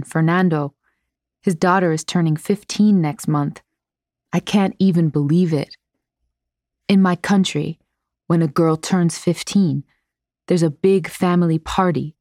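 A woman reading the part of a cheerful, talkative young man from Mexico in simple, warm phrases. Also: on the low side, no room sound, clean studio sound.

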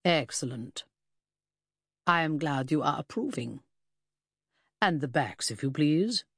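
Give me a reader voicing a clipped, fussy gentleman detective, dry and close. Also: fairly high pitch, expressive, takes it slowly, slightly rough, no room sound, exaggerated voice. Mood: brisk.

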